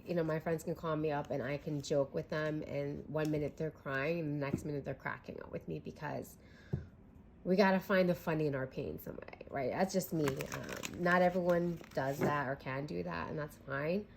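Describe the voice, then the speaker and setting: Candid lower-voiced woman reading tarot. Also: moderate pace, gravelly, darkish tone, slight background noise. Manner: candid and chatty, swears and laughs often. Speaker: tarot reader. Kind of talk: casual tarot reading monologue.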